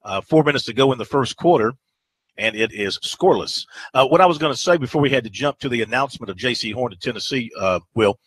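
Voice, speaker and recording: A man's voice: mid-range voice, lively intonation, fast, a bit bright, dry recording, low-quality recording. A man hosting a sports radio talk show, rambling and hesitant with many fillers as he chats casually.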